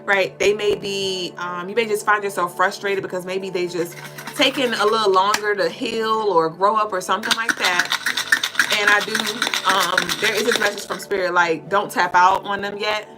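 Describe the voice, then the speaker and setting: Over background music, a woman hosting a casual tarot livestream reads her viewers' comments out loud and answers them in a loose, chatty style, dropping fillers and the odd curse. Her medium-pitched voice is steady and moderately paced, and the audio quality is poor.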